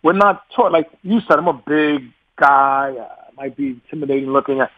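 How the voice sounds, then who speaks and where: A man in his forties, a guest telling stories in a casual interview, animated, laughing often, and repeating words as he starts sentences. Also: mid-range voice, moderate pace, dry recording, narrow, tinny audio. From New York.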